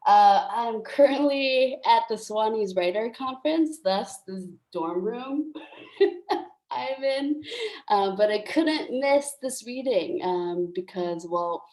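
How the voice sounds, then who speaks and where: Woman poet chatting from a dorm room over a video call, slow and effusive. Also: a little high, lively intonation, darkish tone, poor audio.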